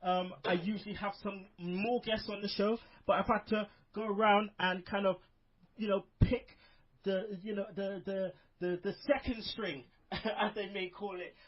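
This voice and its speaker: A man's voice: high voice, steady tone, unhurried. A man hosting a casual wrestling podcast, rambling with lots of fillers in an upbeat way, over a muffled online call. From United Kingdom. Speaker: podcast host.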